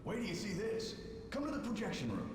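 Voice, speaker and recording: Caring, stern older caretaker in a game; animated, brisk delivery. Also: male voice, high-pitched, breathy edge, exaggerated voice. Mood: urging. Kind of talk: video game dialogue.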